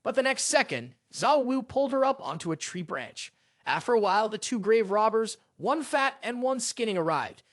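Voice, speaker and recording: A narrator reading a scripted story recap in a brisk, expressive way. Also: mid-range voice, dry recording, studio quality.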